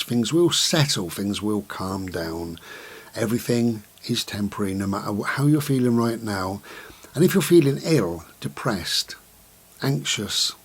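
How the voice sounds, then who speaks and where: A middle-aged man addresses the camera in a reflective vlog, speaking slowly and gently with many pauses and repetitions. His voice is medium in pitch and slightly rough.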